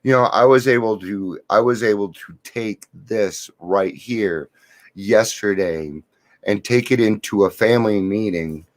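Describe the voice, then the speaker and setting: A man's voice: on the low side, unhurried. A middle-aged man talking to camera in an earnest, confiding way, sharing a daily recovery reflection and stories. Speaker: recovery vlogger.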